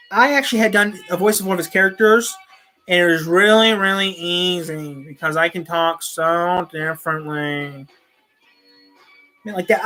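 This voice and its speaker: Her voice is medium in pitch and a bit bright. She's a channel host rambling casually to camera at home into a desk microphone, restarting sentences often.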